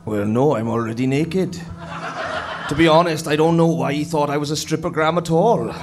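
A man's voice: a little high, normal speed, music in the background, natural voice. A man playing an indignant naked man on a train in an improvised comedy, with a dry manner.

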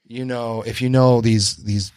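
A man's voice: mid-range voice, fairly even intonation, unhurried, darkish tone, no room sound. A man hosting a podcast, telling a story casually, swearing freely and acting out the lines of the people in it. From Detroit area. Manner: swears freely, acts out quoted dialogue. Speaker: podcast host.

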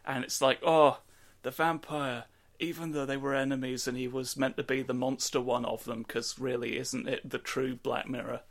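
A man's voice: mid-range voice, flat delivery, moderate pace. A man telling a rambling, joking story in a casual podcast chat. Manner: rambling, jokey storytelling with acted quotes. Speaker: podcast co-host. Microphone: studio microphone.

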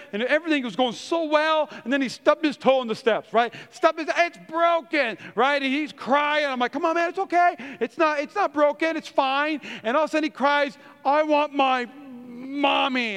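A man's voice: extremely high pitch, clear, resonant tone, big-room sound. A middle-aged man, a pastor, preaching a sermon in a church, telling funny family stories and acting out the quotes in them. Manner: animated storyteller, acts out quotes.

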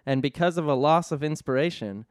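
Man narrating an absurd story, deadpan, fairly high voice, dry close mic. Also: fairly quick, no room sound. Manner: deadpan narration, often breaking into laughter. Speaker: storyteller host. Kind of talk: reading an absurd comedy story aloud.

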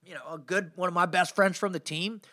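A man's voice: high-pitched, a little fast. A middle-aged man hosting a podcast and telling his story as a motivational speaker, intense and emphatic, with lots of casual filler like "man" and "you know". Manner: energetic, informal, peppers speech with "man" and "you know".

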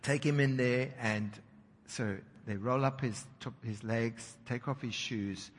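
A preacher telling a story in a sermon, animated as he acts out the dialogue. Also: mid-range voice, a little slow. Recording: reverberant hall with faint noise.

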